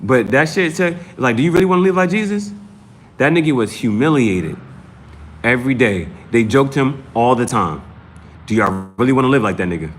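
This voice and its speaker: A man's voice: medium pitch, animated, normal speed, a little hiss or hum. A man hosting a live tarot stream, talking in a rambling, profane, emphatic way and often restarting his sentences. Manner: repeats and restarts phrases. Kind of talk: casual live-stream talk.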